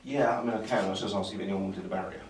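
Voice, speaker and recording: A man with a lowish voice chats loosely over a tabletop game, full of ums and self-mocking jokes. He sits away from the mic in a roomy space, with a faint hiss behind him. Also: fairly even intonation, rapid-fire. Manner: chatty, self-mocking, hesitant with many ums. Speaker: tabletop game player and host. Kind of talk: casual gameplay banter. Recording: roomy sound from a distant mic with some noise.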